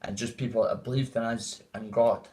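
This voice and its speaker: A man's voice: medium pitch, fairly even intonation, fairly quick, mellow, poor audio. A man with a Dundee Scottish accent, chatting casually and at length to viewers on a livestream, calling them mate. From Dundee, Scotland. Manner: rambling, greets chat as mate. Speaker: livestream host. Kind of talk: casual live chat.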